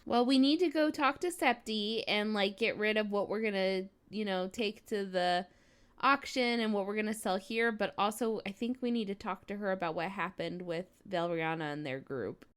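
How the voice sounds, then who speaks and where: A woman's voice: mid-range voice, normal speed, smooth. A young woman chatting eagerly as a player in a tabletop game, giggling often. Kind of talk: casual tabletop chat.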